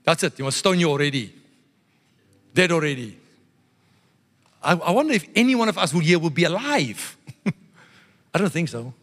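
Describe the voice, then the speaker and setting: Lively high-voiced male preacher in a hall. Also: normal speed, pauses often. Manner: animated, playful preaching with call-and-response asides. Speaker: pastor. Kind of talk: sermon.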